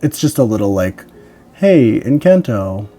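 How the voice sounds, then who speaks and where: A tired young woman and doll collector, chatting casually in an unboxing vlog. She is excitable and emotional, swears freely, and laughs often. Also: a bass voice, a little slow.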